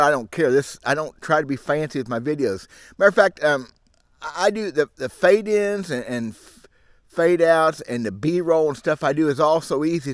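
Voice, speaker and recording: A middle-aged fishing channel host rambles frankly and grumbles to camera out in the woods, captured on a camera mic. His voice is a little high, and the recording is dry with a clean studio sound.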